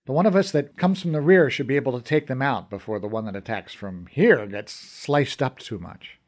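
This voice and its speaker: A man voicing an easygoing, adventurous male companion with a calm, dry manner. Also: medium pitch, normal speed, natural voice. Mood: scheming.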